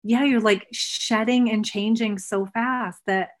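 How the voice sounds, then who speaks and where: A woman's voice: on the high side, steady tone, slow pace. A woman in casual conversation who speaks earnestly and reflectively about emotions and inner truth. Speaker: guest, former coach.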